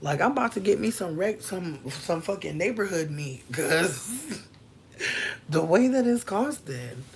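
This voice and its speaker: Animated, profane woman riffing casually. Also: unhurried, slight background noise. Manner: loose, profane, riffing with big swings in pitch. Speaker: podcast host. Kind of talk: casual comedic chat.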